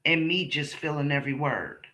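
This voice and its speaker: Sharp-voiced blunt woman streamer. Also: low-pitched, big pitch swings, normal speed. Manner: blunt, profane, emphatic storytelling. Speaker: streamer host. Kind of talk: casual monologue to viewers.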